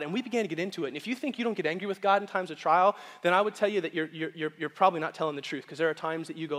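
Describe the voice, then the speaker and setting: A man preaching as pastor, telling a story with lively acted-out voices. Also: sits high, rapid-fire, hardly any pauses, big-room sound. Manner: animated storytelling, acts out quoted voices. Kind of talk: storytelling sermon. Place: church sanctuary.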